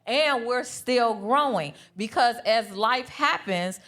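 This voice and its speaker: A woman's voice: fairly high pitch, animated, takes it slowly, fairly bright tone. A woman co-hosting a live podcast panel, telling a personal story in an earnest way and repeating her points for emphasis. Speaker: podcast co-host. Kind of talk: candid chat at a live brunch panel.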